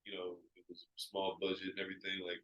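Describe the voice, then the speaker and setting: A man's voice: sits low, monotone, fast, pushed and bright, echoey room, lo-fi sound. A man who is a guest on a podcast, talking in a laid-back way with plenty of slang. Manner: laid-back slang talk, laughs often. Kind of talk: casual podcast chat.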